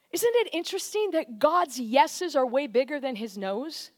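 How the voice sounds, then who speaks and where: A woman preaching a conversational, animated sermon, often shifting into quoted voices. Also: sits high, moderate pace, hardly any pauses.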